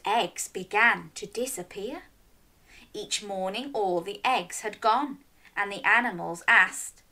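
Lively woman reading a children's story. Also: medium pitch, takes it slowly, gravelly. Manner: animated, coaxing listeners to join in with animal sounds. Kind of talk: reading a picture book aloud to young children.

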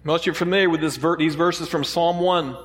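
A man's voice: on the high side, steady tone, quick pace, a bit bright, long reverb tail. A man preaching a sermon as pastor, conversational, asking the congregation rhetorical questions.

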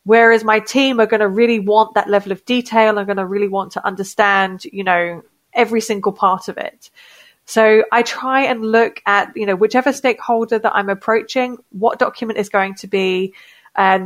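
A woman's voice: medium pitch, steady tone, moderate pace. A woman working as a project manager talks in a casual podcast conversation. She is thoughtful and sprinkles her points with "you know" fillers.

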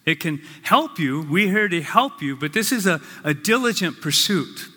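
A male pastor preaching a sermon, with slow, earnest, emphatic phrases. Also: sits high, expressive, sharp tone. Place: church sanctuary. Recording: long reverb of a large hall.

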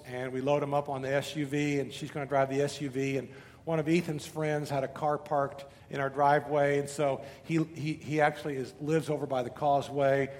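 A middle-aged pastor with a voice on the high side preaches a sermon, telling animated stories, asking rhetorical questions and often repeating words. The recording comes from a reverberant hall with faint noise.

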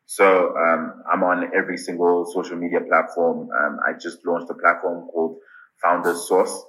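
Deep earnest man with many ums. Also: level tone, moderate pace, pushed and bright, low-quality recording. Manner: earnest, repeats "I really think" with many ums. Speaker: podcast guest. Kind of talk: casual interview answers.

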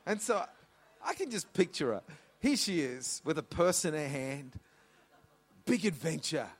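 A man's voice: on the high side, husky. A middle-aged man, a pastor telling a family story in his sermon, often restarting with "and so". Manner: animated, repeats "and so".

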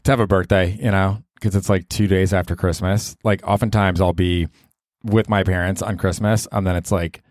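A man with a deep voice hosts a casual solo podcast from his apartment. He rambles and pokes fun at himself, now and then jumping into mock voices. The sound is close and dry, with no room around it. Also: fairly even intonation, fairly quick, a little mellow, no room sound. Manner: rambling and self-deprecating, with bursts of mock voices. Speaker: podcast host.

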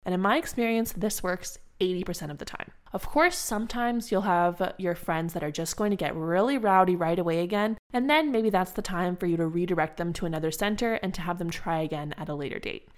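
A young adult woman, an early childhood educator, giving a calm, encouraging teaching talk to other educators in a conversational way. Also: fairly low pitch, fairly quick, few pauses.

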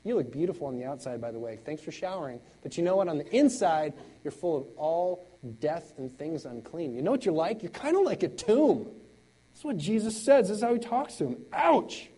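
A man preaching a sermon, swinging between loud exclamations and quiet intensity, with laughing conversational asides. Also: a little high, expressive, a little fast, husky, low-quality recording. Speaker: pastor.

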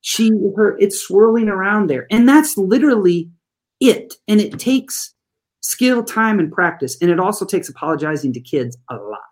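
Animated, folksy school staffer telling stories. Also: medium pitch, normal speed. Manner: animated, folksy, addresses listeners as "y'all". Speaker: school trauma-informed support staff. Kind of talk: storytelling in an interview.

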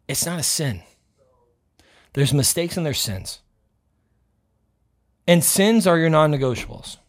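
A man with a slightly high speaking voice hosts a motivational podcast monologue. He talks bluntly and loudly, swearing freely and pushing his points with fired-up energy. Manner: loud, self-described yeller. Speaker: podcast host.

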